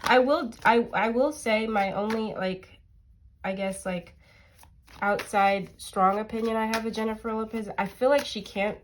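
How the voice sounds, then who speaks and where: A woman's voice: fairly high pitch, fairly even intonation, moderate pace, slight background noise. A woman tarot reader with a stuffy, nasal voice, chatting casually and rambling with lots of fillers as she reads the cards. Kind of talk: casual tarot reading chat.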